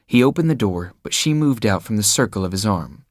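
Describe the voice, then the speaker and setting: Male audiobook narrator, lowish voice, steady measured reading, dry close sound. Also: no room sound. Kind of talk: scripted narration.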